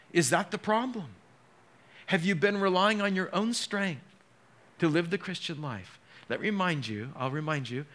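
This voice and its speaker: A man's voice: on the high side, a bit bright. Dramatic middle-aged male pastor. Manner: dramatic, acts out scenes with slow pauses. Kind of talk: sermon.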